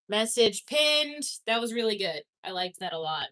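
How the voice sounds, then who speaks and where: A woman's voice: medium pitch, big pitch swings, normal speed, hardly any pauses, a bit bright. A young woman from Canada chatting casually on a livestream, reading chat comments, swearing and laughing easily.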